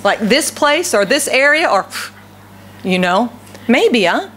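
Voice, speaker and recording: A woman's voice: fairly high pitch, big pitch swings, takes it slowly, fairly bright tone, a little hiss or hum. A woman pastor from the southern United States with a light Southern accent, preaching a sermon and asking her congregation many rhetorical questions.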